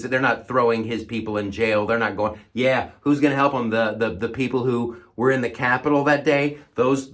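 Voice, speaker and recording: A man's voice: mid-range voice, a bit bright. A male comedian host delivering a sarcastic comedic monologue, often stammering and repeating words.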